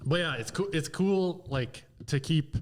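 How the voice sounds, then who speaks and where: A man's voice: on the high side, measured pace, a little hiss or hum. A man hosting a podcast in casual chat, often stammering and restarting his sentences. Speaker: podcast host.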